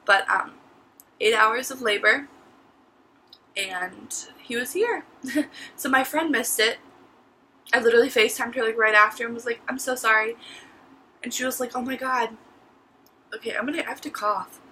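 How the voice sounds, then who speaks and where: A woman's voice: fairly high pitch, normal speed, pauses often, pushed and bright, a little hiss or hum, rough recording. A teenage woman telling her story to camera in a casual vlog, chatty and full of "like" and "literally.". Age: teens. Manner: chatty, says "like" and "literally" a lot. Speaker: vlogger.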